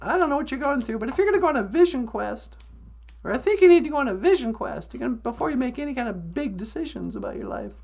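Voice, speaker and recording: A woman voicing a brash, fast-talking male fox. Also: high voice, sing-song, creaky, a little mellow, exaggerated voice. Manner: brash, slangy.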